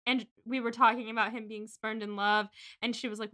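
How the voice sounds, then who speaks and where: A young woman co-hosting a casual book podcast, chatty and animated as she recaps chapters and swears now and then. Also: on the high side, fairly quick. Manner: chatty, swears, acts out quotes. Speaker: podcast co-host. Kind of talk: casual book-club chat.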